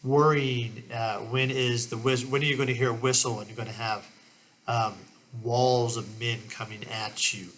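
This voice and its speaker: A man talks through a history lesson in a loose, conversational way, circling back and restarting his sentences. His voice is at an ordinary pitch but has a bright, forceful edge. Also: fairly even intonation, moderate pace, a little hiss or hum. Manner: conversational, with many restarts and "kind of" asides. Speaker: history teacher. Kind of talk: casual classroom lecture.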